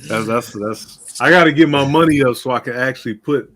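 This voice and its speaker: A man's voice: medium pitch, fairly quick, a bit bright. A man with an ordinary mid-range voice hosts a livestream in loose, slangy casual chat. He keeps things easygoing and laughs often between remarks. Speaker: livestream host.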